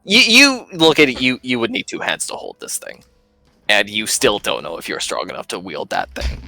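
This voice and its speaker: A man narrating as game master in a tabletop game, animated and laughing often. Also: on the low side, moderate pace, gravelly, no room sound, faint music behind.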